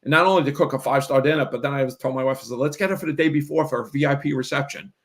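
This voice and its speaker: A man's voice: medium pitch, very fast. A middle-aged man coaching in an emphatic live Q&A, often checking in with "right?". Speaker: real estate coach. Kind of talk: motivational live Q&A talk. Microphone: video call.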